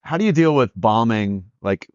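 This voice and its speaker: A man's voice: mid-range voice, animated, normal speed, a little mellow, smooth, dry recording. Enthusiastic guy interviewing a guest, dry dull sound. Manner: eager and affirming interviewer. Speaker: podcast host. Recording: dull lo-fi podcast audio.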